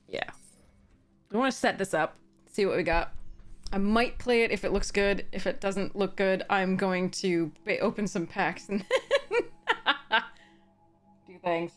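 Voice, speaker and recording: A woman on a casual live stream drafts cards, thinking aloud about her picks and warmly greeting chat. Her medium-pitched voice is very animated but a little slow, with long pauses, and she seems slightly tired. Faint music plays behind her.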